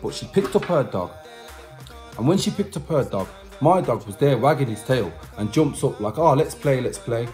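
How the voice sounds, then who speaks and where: Faint music plays behind a man with a mid-range, darkish voice whose pitch swings widely at a moderate pace. He's a vlogger and musician recounting a personal story to his subscribers on camera, chatty and repetitive, with slang-filled asides.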